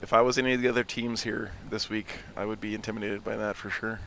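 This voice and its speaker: A man's voice: fairly low pitch, level tone, quick pace, vocal fry, a bit bright, slight background noise. A man co-casting a live tabletop tournament, chatty and agreeable. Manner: friendly, agreeable banter. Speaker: co-caster.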